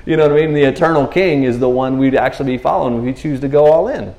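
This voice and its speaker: A man's voice: medium pitch, quick pace, darkish tone. Guy preaching a laid-back sermon, super conversational, keeps asking "you know what i mean", echoey room. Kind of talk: casual sermon.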